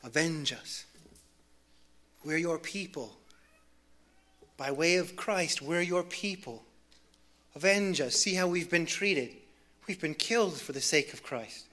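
A preacher voicing hushed pleading martyrs. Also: male voice, on the high side, takes it slowly, pauses often. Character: chorus of mournful pleading martyrs.

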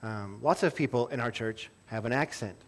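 A man's voice: medium pitch, normal speed. Conversational man preaching a sermon. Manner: conversational, self-interrupting with small laughs and repeated words. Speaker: pastor.

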